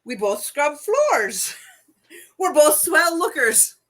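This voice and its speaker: A scrappy old mob mother growls out her wisecracks in a put-on accent, voiced by a woman. The voice sits high and bright, brash and tough. Her lines land quickly with a mocking edge. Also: big pitch swings, full character voice. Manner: quoting a movie in a put-on accent.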